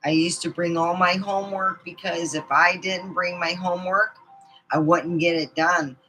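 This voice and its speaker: A woman's voice: lowish voice, fairly even intonation, moderate pace, bright, forceful tone, slight background noise, poor audio. A middle-aged woman telling rambling personal stories in a casual vlog, laughing often as she goes. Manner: rambling, chatty, laughs often mid-story. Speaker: vlogger.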